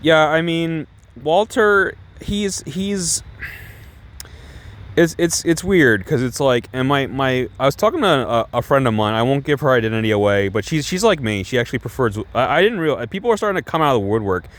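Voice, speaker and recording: A man's voice: mid-range voice, lively intonation, normal speed. A young man casually reviewing TV shows, chatty and rambling with many restarts. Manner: chatty, heavy use of "like" and restarts, laughing asides.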